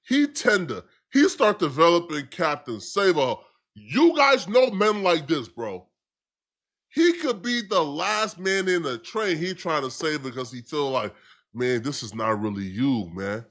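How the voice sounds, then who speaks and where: A man with a fairly high voice gives reaction commentary to his viewers. His pitch swings widely as he talks in a casual, slangy way straight to the audience. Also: measured pace. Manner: animated and slangy, addressing viewers directly. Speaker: commentary host.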